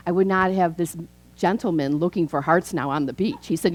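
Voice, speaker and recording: Speaking briskly in a low, slightly mellow voice, a woman in her fifties from Chicago preaches a conversational sermon full of stories and acted-out dialogue. The audio quality is poor.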